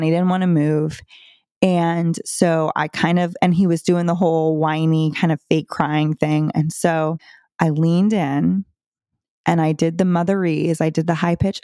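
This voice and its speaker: Low-voiced woman hosting a parenting podcast. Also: a little mellow, dry recording, studio quality. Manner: conversational, chuckles between stories. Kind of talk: casual advice talk.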